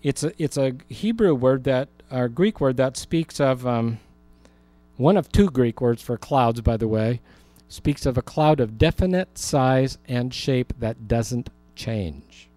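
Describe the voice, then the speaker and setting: A man's voice: mid-range voice, takes it slowly, dark tone, no echo, soft background music. Conversational male pastor teaching scripture. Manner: conversational, humorous asides, laughs. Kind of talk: sermon, Bible teaching.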